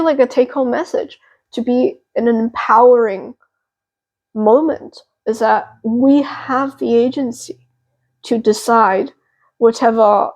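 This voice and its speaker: A young woman hosting a pick-a-card tarot reading, talking gently and reassuringly with a therapeutic tone and many fillers. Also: a little high, poor audio. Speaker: tarot reader and channel host.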